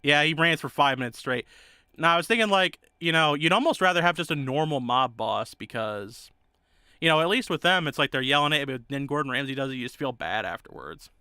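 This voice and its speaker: Easygoing male streamer, rambling chat, clear bright tone, dry and close. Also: on the high side, animated, brisk, dry recording. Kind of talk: casual chat.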